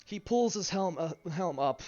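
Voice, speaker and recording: A man narrating a tabletop game as game master, halting over his words with frequent fillers and restarts. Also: sits high, lively intonation, a little mellow. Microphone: streaming mic. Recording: dull lo-fi stream, faint music.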